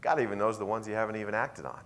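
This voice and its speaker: Animated male pastor preaching. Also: lowish voice, rapid-fire. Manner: animated storytelling, swings from hushed to loud. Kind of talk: sermon. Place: church.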